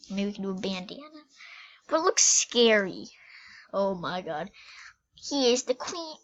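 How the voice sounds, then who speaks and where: A woman giving playful, excitable commentary to herself as she plays a game, reacting loudly and trailing off into whispers. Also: mid-range voice, lo-fi sound. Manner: giddy, playful, talks to herself while playing. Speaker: game vlogger. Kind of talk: casual gameplay commentary.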